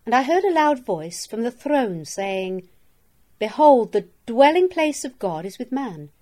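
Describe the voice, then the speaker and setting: A woman reads scripture aloud for a daily devotional, her voice sitting a little high. She takes her time over each line, measured and solemn, and reads out every verse reference. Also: sing-song, warm tone. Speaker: scripture reader. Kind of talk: slow devotional Bible reading.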